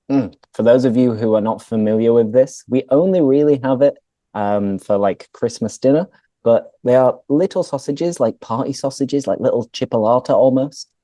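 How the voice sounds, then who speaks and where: A British man hosting a casual chat and explaining phrases for English learners in a relaxed way. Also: medium pitch, no room sound. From Britain. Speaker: host and English teacher. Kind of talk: casual conversation, explaining words.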